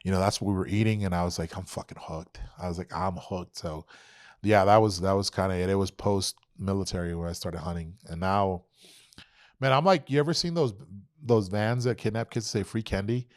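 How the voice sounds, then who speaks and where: Man, low voice, dry sound, casual storytelling, swears a lot, acts out quotes. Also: a little fast, dry recording. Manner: animated, profane, acts out quotes. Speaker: podcast guest.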